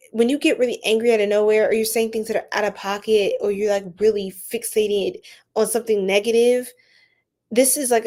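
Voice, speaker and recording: A woman giving a casual live-stream tarot reading, chatty and animated, saying "like" often and talking to her viewers in the chat. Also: medium pitch.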